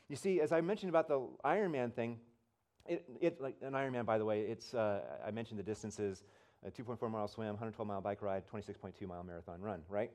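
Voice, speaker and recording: A man preaching a sermon to a congregation, telling stories and acting out the voices in them. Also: a little high. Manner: storytelling, animated, acts out voices. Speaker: pastor. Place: church in front of a congregation.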